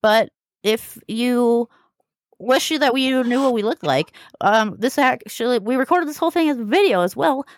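A woman's voice: a little high, expressive, moderate pace, no room sound, studio quality. A woman co-hosting a podcast in chatty, self-deprecating banter, also reading the show's outro. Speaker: podcast co-host and producer. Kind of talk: casual chat.

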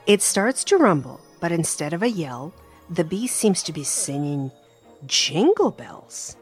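A woman hosting a children's story podcast, reading a rhyming picture book aloud in an animated, expressive way. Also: lowish voice, takes it slowly, husky, faint music behind. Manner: animated, expressive, warm-hearted.

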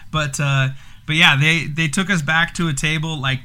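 Bright-voiced man telling stories. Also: fairly high pitch, moderate pace, clear, resonant tone. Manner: animated storyteller, laughs while telling. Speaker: podcast co-host. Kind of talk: casual chat.

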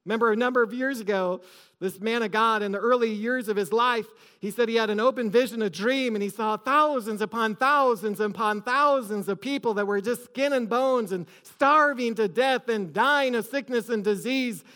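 A man's voice: very high-pitched, normal speed, bright, forceful tone, clear, resonant tone. A man preaching a sermon to his church with rising emphasis, recorded in a large hall. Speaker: pastor.

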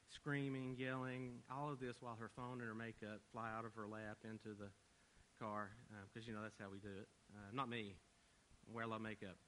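Male preacher, middle pitch, casual joking sermon, faint background hiss. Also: fairly bright tone, poor audio. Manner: casual joking storytelling, then earnest rhetorical questions. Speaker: pastor.

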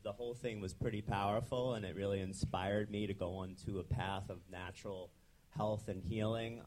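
A man's voice: sits low, a little mellow, slight background noise. A young adult man, a chiropractor, telling his story in a casual interview with frequent ums and restarts. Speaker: chiropractor guest. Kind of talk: conversational interview.

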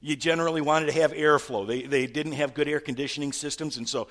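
A man preaching a sermon, retelling a story with stammered repeats and rhetorical questions, swinging from loud to hushed. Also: a little high, fairly even intonation, fast talker. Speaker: pastor.

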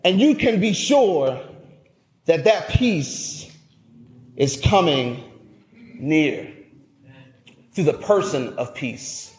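A male pastor preaching a sermon, emphatic, rising to loud peaks and dropping low at phrase ends, often repeating words as he restarts. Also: lively intonation, drawn-out words, pauses often. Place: church sanctuary. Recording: echoey church sanctuary.

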